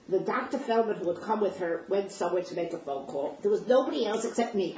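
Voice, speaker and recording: A woman's voice: mid-range voice, darkish tone. An older woman tells a personal story in a vivid, emotional way, acting out the dialogue as she goes. Her voice sits in a middle register. She is picked up from some distance in an echoey room, with faint noise underneath. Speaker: speaker sharing personal memories.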